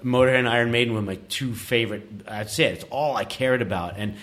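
A man tells a rambling story as a podcast guest. His delivery is animated and full of swearing and laughter. His voice sits at an ordinary middle pitch. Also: fairly quick. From Queens, New York. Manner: animated, profane, laughing often. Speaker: podcast guest, metal musician. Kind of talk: casual storytelling.

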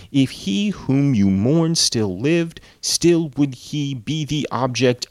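A man reading aloud as a stern, indignant man rebuking a fiend, in a measured, deliberate delivery. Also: mid-range voice, no echo, studio quality.

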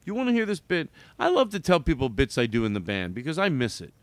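A man hosting a podcast in casual chat, rambling and animated, breaking into loud shouted bits. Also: a little high, fast, no echo. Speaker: podcast host.

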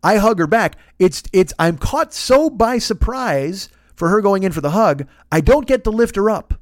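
A man in his fifties, a podcast host, telling a long story in an animated, profane, self-mocking way. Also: high-pitched, moderate pace, no room sound, studio quality. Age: 50s. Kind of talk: storytelling monologue.

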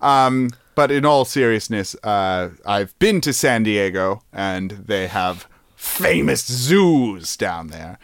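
A man's voice: fairly low pitch, animated, slow pace, dry recording, clean studio sound. Playful man hosting a podcast. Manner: playful, joking, laughs often. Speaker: podcast host. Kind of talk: casual chat.

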